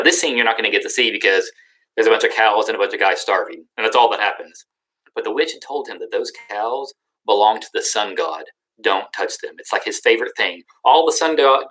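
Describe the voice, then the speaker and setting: A man's voice: lowish voice, a bit bright, low-quality recording. Casual, slangy young male teacher. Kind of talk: casual recorded lesson recap.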